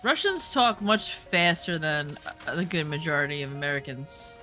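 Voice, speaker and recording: Bright-voiced woman chatting casually. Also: low-pitched, animated, normal speed, faint music behind. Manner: rambling, full of "like" and restarts. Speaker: streamer reacting to a show. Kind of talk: casual chat.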